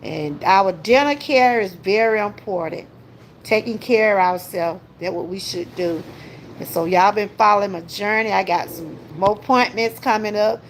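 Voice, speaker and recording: With a mid-range voice at a moderate pace, an older Georgia woman talks straight to her livestream viewers in a chatty, frequently laughing way. Slight background noise is present.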